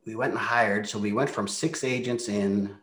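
Brief: man, low voice, real estate team leader, candid interview storytelling, slight room echo. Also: steady tone, normal speed, a bit bright. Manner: candid, reflective, drops into quoted asides. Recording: roomy echo.

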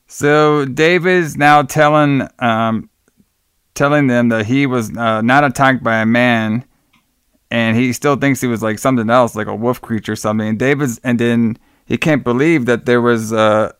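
A man's voice: mid-range voice, normal speed, a bit bright, clean tone, no room sound, studio quality. An American man co-hosting a podcast, recapping a film in casual, profane, joking chat. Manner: blunt, profane, jokey, says "brother" a lot. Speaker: podcast co-host. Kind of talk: casual movie review chat.

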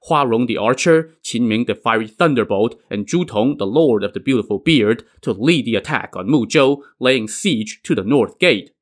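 A man narrating a classic adventure tale in a conversational storytelling style, with casual asides to the listener. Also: mid-range voice. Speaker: storyteller, podcast host.

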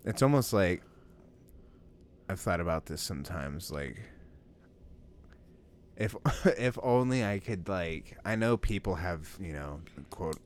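A man's voice: low-pitched, animated, takes it slowly, long pauses, a little hiss or hum. A man chatting casually as a podcast co-host, rambling loosely with plenty of fillers and swearing. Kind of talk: casual chat.

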